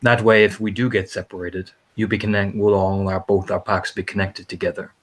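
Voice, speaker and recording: A husky, somewhat low-voiced man playing a tabletop game. He talks hesitantly, correcting himself mid-sentence. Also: little pitch movement, brisk. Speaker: player.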